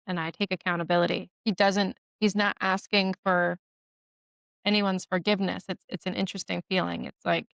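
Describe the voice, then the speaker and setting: A woman giving a one-on-one mediumship reading, talking gently with halting fillers and restarts. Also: lowish voice, clean tone, no room sound. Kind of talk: one-on-one reading, casual and hesitant.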